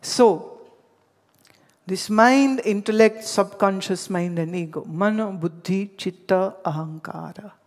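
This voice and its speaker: Slow-speaking woman spiritual teacher. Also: medium pitch, a little mellow, big-room sound. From India. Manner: storytelling, addressing listeners directly. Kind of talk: spiritual discourse with anecdotes.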